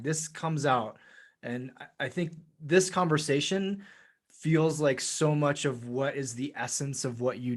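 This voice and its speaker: A male podcast host, enthusiastic and casual, who swears freely. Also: mid-range voice. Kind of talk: casual interview chat.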